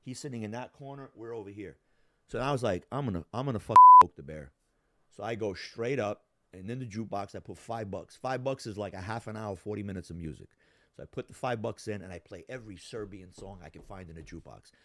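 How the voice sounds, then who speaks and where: A man telling a story in casual talk, profane and animated, acting out the voices of the people in it. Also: lowish voice, fast talker. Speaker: storyteller guest.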